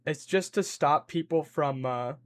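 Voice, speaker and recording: A young man on a live stream who muses aloud as he builds something and keeps breaking off to answer his chat. He has a slightly higher voice and takes his time, drawling through his thoughts in a loose, joking ramble. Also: unhurried. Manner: rambling, playful, reads chat aloud and thinks out loud.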